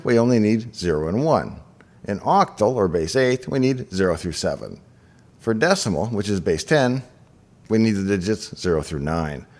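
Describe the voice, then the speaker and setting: A man hosting a scripted explainer, telling the story with enthusiasm and chatty asides. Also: mid-range voice. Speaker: host.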